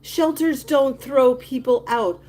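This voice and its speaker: A woman's voice: high voice, slow, darkish tone. A woman hosting a casual livestream, gossiping emphatically and reacting indignantly to viewer comments. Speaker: livestream host.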